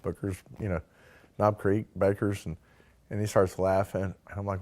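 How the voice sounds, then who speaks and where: A man's voice: low-pitched, steady tone, a little fast, a little mellow. A man in a casual interview, telling how he founded a distillery, full of "like" and "you know" and acting out what other people said. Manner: acts out quoted dialogue, fillers like "like" and "you know". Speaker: distillery founder telling his start-up story.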